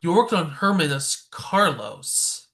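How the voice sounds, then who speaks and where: A man hosting a podcast, reading short prepared interview questions in a flat way. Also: fairly high pitch, slow. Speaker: podcast host.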